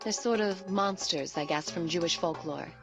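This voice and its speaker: A woman's voice: on the low side, normal speed, music in the background, close to an everyday voice. A woman voicing a prim young companion.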